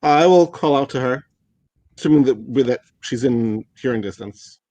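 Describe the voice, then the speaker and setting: A man's voice: medium pitch, normal speed, darkish tone. A man playing a tabletop game, speaking politely with some hesitant restarts. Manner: polite, slightly hesitant, repeats words. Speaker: player.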